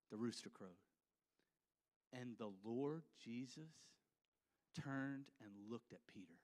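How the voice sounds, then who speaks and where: A male pastor preaching a sermon, acting out a scripture scene with volunteers and swinging between loud, animated lines and hushed ones. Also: mid-range voice. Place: church sanctuary. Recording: church hall with long reverb.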